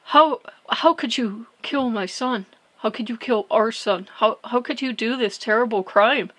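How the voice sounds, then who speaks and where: A caring mother goddess, tender and pleading, her voice lifting higher as she urges, as a woman telling the tale puts her on. The delivery is earnest and heartfelt. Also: unhurried, a bit bright. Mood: anguished.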